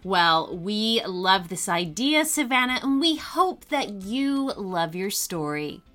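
A woman telling a children's story in slow, expressive storybook narration. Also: medium pitch, faint music behind. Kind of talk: scripted narration.

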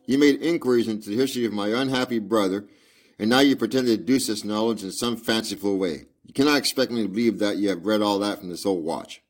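A man's voice: fairly low pitch, fast talker, close to an everyday voice. A man reading aloud as a loyal, indignant Victorian male doctor who protests earnestly.

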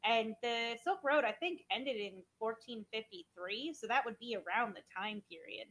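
A woman's voice: fairly high pitch, lively intonation, moderate pace, fairly bright tone, poor audio. A woman co-hosting a podcast in casual chat, explaining eagerly, swearing casually and correcting herself. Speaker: podcast co-host.

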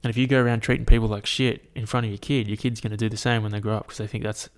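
A man's voice: on the low side, level tone, very fast. A young man, chatting casually to his audience in a rambling, sweary rant. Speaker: vlogger. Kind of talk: casual chat. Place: at home, at a laptop.

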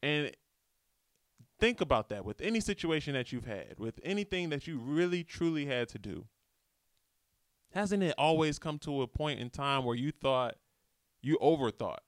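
A man's voice: fairly high pitch, animated, normal speed, pauses often, no echo, clean studio sound. A man hosting a solo podcast, giving a casual, slangy motivational talk and often repeating himself. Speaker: podcast host. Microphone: studio microphone.

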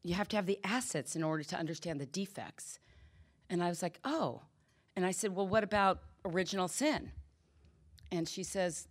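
A woman's voice: mid-range voice, fairly quick. A middle-aged woman giving a candid personal testimony at a recovery meeting, telling stories and acting out the quoted dialogue.

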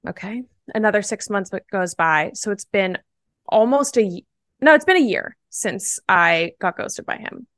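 Young adult woman, podcast guest; chatty, animated storyteller leaning on "like", mid-pitched voice, close dry sound. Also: moderate pace, no room sound. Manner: animated, chatty, full of "like" fillers. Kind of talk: casual storytelling.

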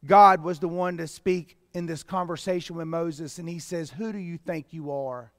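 Pastor, man, animated sermon delivery, high voice, reverberant hall. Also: normal speed, studio quality. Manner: animated preaching, rising to shouts, reading scripture aloud.

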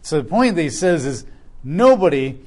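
A man preaching through a Bible passage, animated as he acts out the voices of the people in the story. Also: fairly high pitch, normal speed. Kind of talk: expository Bible teaching.

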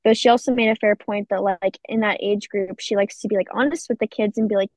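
A woman's voice: medium pitch, steady tone, quick pace, hardly any pauses, darkish tone, no room sound. A young woman, a college student, chatting casually as a radio guest, filling her talk with "like". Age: young adult. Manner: chatty, says "like" a lot.

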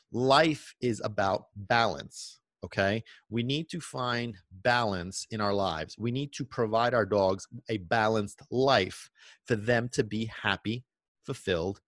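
A man's voice: lowish voice, no echo. Emphatic man, dry close sound. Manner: emphatic, repeats "okay?" and rhetorical questions. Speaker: dog trainer, podcast host. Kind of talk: podcast monologue.

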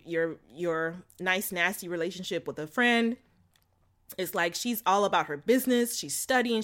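A woman in casual vlog mode giving frank relationship advice at a middle pitch. She talks loosely and candidly, scattering "like" and "you know" through her sentences. She laughs often and drops into slangy phrasing. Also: fairly bright tone. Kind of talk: casual chat to camera.

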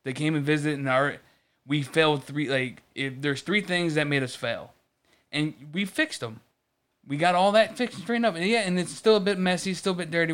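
A man's voice: on the high side, fairly bright tone, smooth. A man in casual chat, telling a long story about work with lots of restarts and swearing. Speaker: podcast co-host.

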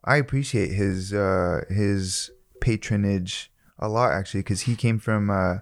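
A man co-hosting a casual podcast, relaxed and joking, with frequent laughter. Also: on the low side, measured pace. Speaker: podcast co-host.

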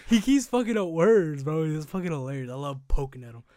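A young man co-hosting a casual podcast, telling animated stories full of slang and "bro". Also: fairly high pitch, a little fast, dry recording. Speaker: podcast co-host.

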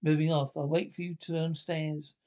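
A devoted husband and father, read by a man from a radio drama script. His tone is plain and fairly high. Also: level tone, normal speed, mellow, natural voice. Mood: gentle. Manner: reads stage directions aloud before lines.

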